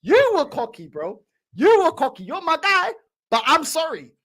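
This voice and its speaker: A woman's voice: sits high, wildly swooping pitch, fairly bright tone. A woman, teasing and mocking her opponent in a heated fan debate, full of slang. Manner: mocking, teasing, rapid-fire banter with slang.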